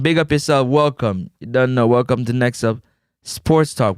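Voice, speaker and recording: A man with a Jamaican accent hosting a casual football talk stream, playful and full of shout-outs and "boop" sound effects. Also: medium pitch, moderate pace, heavy background noise. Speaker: sports talk show host. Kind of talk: casual livestream football commentary. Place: indoors in a building overlooking a stadium.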